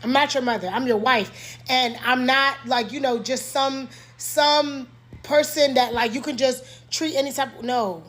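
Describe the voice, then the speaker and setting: A young woman with a high voice speaks her mind straight to the camera from her home. She is blunt and emphatic and hammers her points by repeating them. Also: fairly even intonation, a little slow, a bit bright. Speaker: content creator. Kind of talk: candid monologue to camera.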